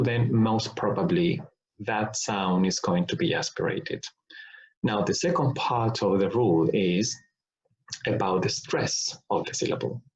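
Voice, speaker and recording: Male phonetics teacher, slow and deliberate, repeats sample words, dull lo-fi sound. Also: fairly low pitch, darkish tone. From Argentina. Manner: deliberate, repeats example words to show sounds, checks in with "all right?". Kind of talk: recorded online lesson. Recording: dull lo-fi recording.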